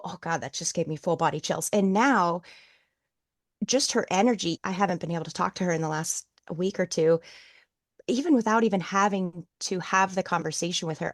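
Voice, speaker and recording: Co-host: a woman with a lowish voice, heartfelt and emotional, dry close sound. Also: no echo. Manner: emotional, moved to tears. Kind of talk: casual chat.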